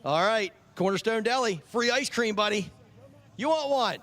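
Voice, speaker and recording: High-voiced friendly chaplain at a speedway. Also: male voice, lively intonation, normal speed, fairly bright tone. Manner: friendly, joking, repeating names back. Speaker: track chaplain handing out ice cream vouchers. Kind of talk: casual chat with kids over a PA. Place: outdoors at a speedway.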